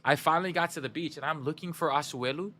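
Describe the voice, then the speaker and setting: A man's voice: a little high, quick pace, bright, forceful tone. A young man streaming a game, chatting casually with his viewers in a laid-back, slangy way and laughing often.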